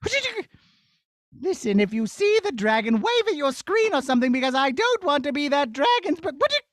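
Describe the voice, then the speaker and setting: Puppet-show casting: a high-voiced, bossy young princess who panics easily, with wildly swinging pitch. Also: male voice, sing-song, a little fast, fairly bright tone, no room sound, clean studio sound, heavily acted. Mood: frightened. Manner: melodramatic, exclaiming, talks to the kids.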